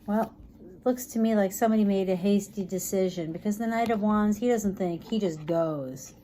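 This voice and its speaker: A woman's voice: normal speed, a little hiss or hum. Tired, chatty woman reading tarot. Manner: chatty, thinks aloud, soft and low at times. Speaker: tarot reader.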